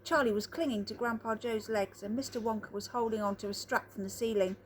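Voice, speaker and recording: A woman reading a children's book aloud outdoors, telling the story with expressive, animated delivery. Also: on the high side, fairly quick, slight background noise. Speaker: reader.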